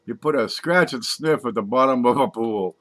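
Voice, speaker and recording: A man's voice: medium pitch, moderate pace, fairly bright tone, no echo. A man casually reading jokes aloud, laughing at his own punchlines and adding wry asides. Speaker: comedy joke reader.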